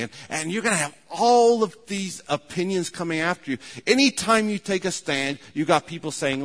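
A man's voice: a little high, a little fast, few pauses, fairly bright tone. Man preaching in a reverberant church. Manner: earnest preaching, repeats phrases, voices imagined people. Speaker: pastor. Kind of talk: sermon. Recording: long hall reverb.

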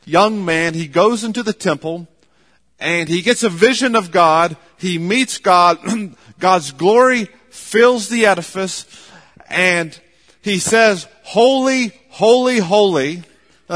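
In a large hall with long, ringing reverb, a man with a high, fairly bright voice delivers a sermon. His phrases are measured and emphatic, and he stresses points by repeating words.

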